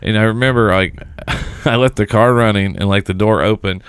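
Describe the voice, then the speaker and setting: A man's voice: fairly low pitch, moderate pace, clear, resonant tone, dry recording, studio quality. A male podcast co-host telling rambling stories in casual chat, often laughing as he talks. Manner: rambling storyteller, laughs while talking.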